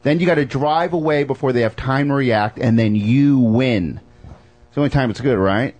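A man performing a stand-up set. He grumbles through the set and bursts into shouted impressions. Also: medium pitch, normal speed. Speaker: stand-up comedian.

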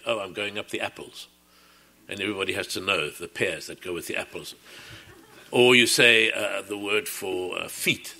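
Deep, bright-toned man explaining thoughtfully. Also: husky. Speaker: artist describing his work. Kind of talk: reflective talk.

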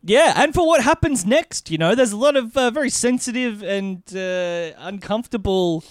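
A man's voice: sits high, animated, normal speed, no echo, studio quality. A man co-hosting a podcast, chatting casually, often agreeing with yeahs. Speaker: podcast co-host. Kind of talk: casual chat.

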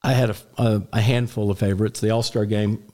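A man in his sixties telling anecdotes as a guest on a radio talk show, relaxed and full of restarts. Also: on the low side, a little fast. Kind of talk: storytelling in a radio interview.

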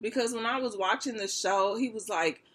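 A woman's voice: medium pitch, normal speed. A woman vlogger talking straight to her viewers in a loose, gossipy rant. Her voice jumps around as she gets worked up. She leans on slang and "like" throughout. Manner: animated and expressive, with slangy filler-heavy talk. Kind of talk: casual gossip rant to camera.

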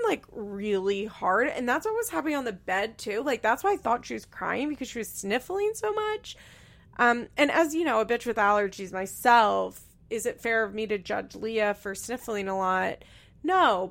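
A woman's voice: mid-range voice, creaky, a bit bright. A young woman recapping a reality show in a chatty, gossipy way with sarcastic asides. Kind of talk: casual recap commentary.

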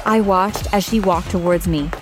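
A woman telling a first-person story in scripted narration, expressive and dramatic, with soft music behind her. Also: on the low side, moderate pace. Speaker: narrator voicing a teenage girl.

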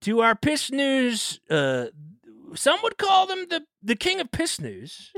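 A man co-hosting a casual comedy podcast, animated and joking, swearing freely as he riffs on news stories. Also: extremely high pitch, takes it slowly, no room sound, studio quality. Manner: animated, swears freely, slips into silly accents for bits. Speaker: podcast co-host.

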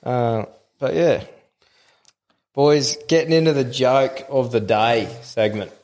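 Brief: Aussie male host, mid-pitched, loose jokey banter. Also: takes it slowly, darkish tone. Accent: Australian. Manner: jokey, laughs often, swears freely. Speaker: podcast host. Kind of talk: casual banter.

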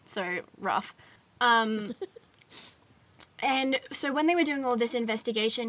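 A woman's voice: medium pitch, bright, forceful tone. A young woman, casually telling a true-crime story on a podcast, chatty with lots of "like"s and giggly asides. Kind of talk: casual chat.

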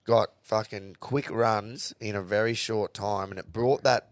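An Australian man co-hosting a podcast, chatting about sport in a casual, sweary, excitable way, tired but amped. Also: lowish voice, a little slow, no room sound. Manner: sweary, excitable, laughing often. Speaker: podcast co-host.

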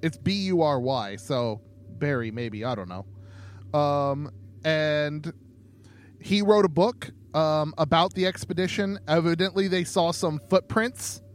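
A man co-hosting a casual podcast, talking in a halting way with many ums and restarts. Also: fairly high pitch. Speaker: podcast co-host.

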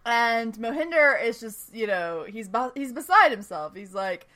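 Woman, podcast host, bright tense voice, casual chatty recap, enthusiastic, filler-heavy. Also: a little high, lively intonation, a little slow. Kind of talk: casual chat.

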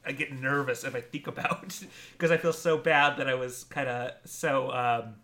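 A person talking through a confession in a casual chat, hesitant and full of fillers and restarts. The voice is bright and crisp at a middling pitch. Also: fairly even intonation, moderate pace. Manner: hesitant, many fillers and self-corrections.

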